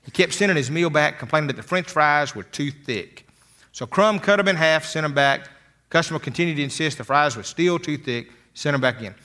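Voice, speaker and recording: Older male motivational speaker; bright, slightly high voice; folksy storyteller who stammers into his sentences. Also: brisk. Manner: folksy storytelling, repeats words when starting sentences. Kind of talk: motivational talk with stories.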